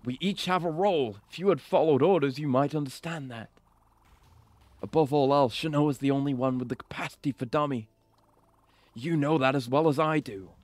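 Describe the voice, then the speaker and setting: A man's voice: a little high, fairly quick, no echo, lightly acted. A man reading the lines of a stern older male mentor in a formal, grave way.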